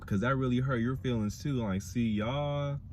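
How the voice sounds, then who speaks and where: A young man with a Black dialect, giving a sassy, animated casual review of a reality show. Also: moderate pace, slight background noise. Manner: animated, sassy, mimics cast members in high voices. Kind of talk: casual commentary.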